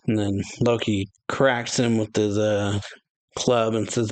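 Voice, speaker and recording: A man's voice: lowish voice, level tone, takes it slowly. A man hosting a casual reaction video, reading comic pages aloud and chatting loosely, laughing often. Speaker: anime reaction youtuber. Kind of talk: casual comic read-through.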